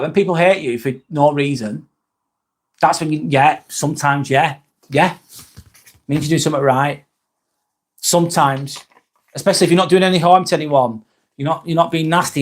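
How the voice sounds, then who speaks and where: English man hosting a reflective live talk. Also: fairly high pitch. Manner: repetitive, casual with swearing. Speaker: livestream host. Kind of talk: reflective motivational livestream talk.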